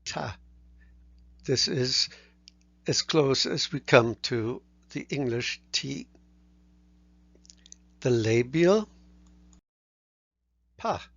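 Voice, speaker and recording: A man teaching a language lesson, explaining sounds slowly and carefully and sounding out each letter. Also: medium pitch, fairly bright tone, no room sound, dull audio. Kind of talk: recorded lecture.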